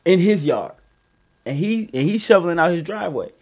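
A man casually telling a story on a podcast, profane and animated, with loud bursts as he acts it out. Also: high voice, fairly quick.

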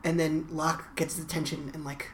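A woman's voice: low-pitched, little pitch movement, moderate pace, reverberant, far from the mic. A woman co-hosting a podcast, chatting casually with wry, dry interjections. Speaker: podcast co-host. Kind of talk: casual chat.

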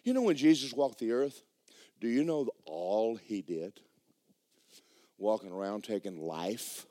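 A man preaching a sermon as pastor, swinging from shouted bursts to low, quiet lines and acting out dialogue. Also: very animated, measured pace, long pauses, dry recording. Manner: acts out dialogue in dramatized voices. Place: church sanctuary.

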